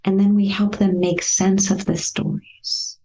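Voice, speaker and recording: A woman therapist in an interview, telling a client's story and acting out the past conversations in a gentle, lively way. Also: mid-range voice, unhurried, highs cut off. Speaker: therapist guest.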